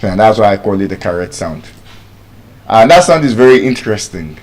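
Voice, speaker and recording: A middle-aged man with a Nigerian accent teaching English pronunciation, repeating each word slowly to demonstrate the sounds. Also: fairly low pitch, very animated, darkish tone. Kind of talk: spoken English lesson.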